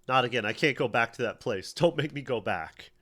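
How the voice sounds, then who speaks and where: A man's voice: medium pitch, lively intonation, a little fast, fairly bright tone. A man playing a frightened, panicked man who pleads desperately not to be sent back.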